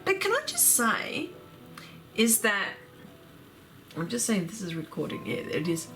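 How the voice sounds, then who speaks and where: A woman, hosting an art livestream in casual chat, effusive and quick to laugh while reading viewer comments aloud. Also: medium pitch, huge pitch swings, a bit bright, faint music behind.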